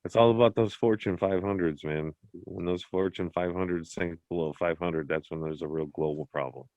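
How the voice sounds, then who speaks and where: Very deep-voiced man, dry lo-fi sound. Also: fairly even intonation, normal speed, darkish tone, no echo. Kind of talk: casual podcast chat. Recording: dull lo-fi sound.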